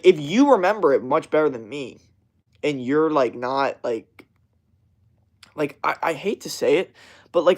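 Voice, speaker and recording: Ranting casually to his stream chat, a young man with a voice on the high side curses nonstop. His talk rambles, full of fillers and restarted thoughts.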